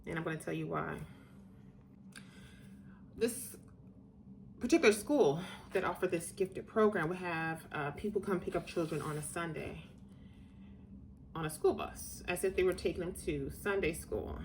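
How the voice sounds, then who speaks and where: A middle-aged woman telling a personal story to her viewers, chatty and digressive, getting animated when she recalls moments. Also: fairly low pitch, moderate pace, vocal fry, pauses often, slight background noise. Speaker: vlogger telling personal stories. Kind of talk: casual storytelling to camera.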